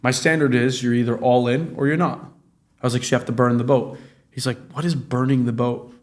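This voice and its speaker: Young man, casual podcast chat, animated storytelling, profane, medium pitch. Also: brisk. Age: 20s. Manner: animated storytelling, profane, acts out quoted dialogue. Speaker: guest, real estate business owner.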